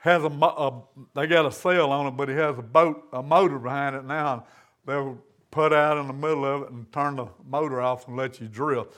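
A man's voice: mid-range voice, fairly even intonation, normal speed, a bit bright. A man preaching a sermon in a church, in a folksy, conversational way. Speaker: pastor.

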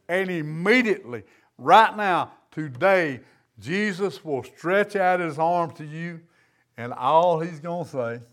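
A man with a high voice preaches a sermon to his congregation. He speaks earnestly in plain, folksy grammar. His delivery rises and falls in a steady preaching cadence.

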